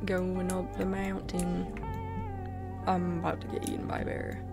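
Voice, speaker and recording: Young woman, casual gameplay chatter, easily spooked, vocal fry, game music behind. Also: lowish voice, little pitch movement, normal speed. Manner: chatty, easily startled, self-mocking. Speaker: gaming video creator.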